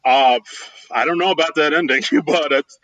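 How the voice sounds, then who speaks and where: Bright, slightly high male podcast co-host. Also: normal speed, no room sound, muffled recording. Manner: loose, hesitant, lots of "like" and laughs. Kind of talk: casual chat.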